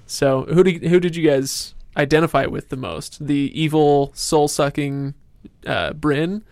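A man with a smooth, resonant voice, pitched a little above most men, hosts a relaxed book discussion. He keeps the talk moving with questions to his co-hosts, and the sound is close and dry with no room around it. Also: a little slow, dry recording. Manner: leading questions, self-deprecating jokes. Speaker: podcast host.

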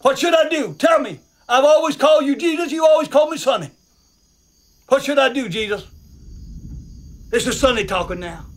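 Desperate praying man in film clip, pleading, very high strained voice. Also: animated, normal speed, long pauses. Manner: pleading, raw, shouting then muttering. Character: anguished middle-aged man praying, yelling at God.

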